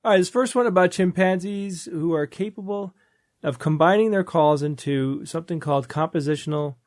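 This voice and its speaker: A man's voice: a little high, fairly quick, darkish tone, no echo, studio quality. A man on a podcast panel, reading quiz items aloud with playful, mock-bewildered reactions. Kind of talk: casual chat.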